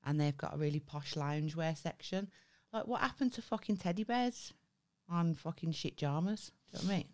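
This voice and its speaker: A woman's voice: sits low, a little fast, no room sound. A woman co-hosting a casual chat podcast, swearing often and laughing easily. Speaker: podcast co-host.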